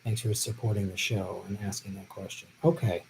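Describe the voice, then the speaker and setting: Male stream host, mellow tone, laid-back chatty delivery, voice a bit worn. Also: sits low, fairly even intonation, gravelly, a little hiss or hum, low-quality recording. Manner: chatty, easygoing, quick to laugh. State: voice tiring after a long stream. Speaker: live stream host answering viewer questions. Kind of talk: casual live stream chat. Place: at home.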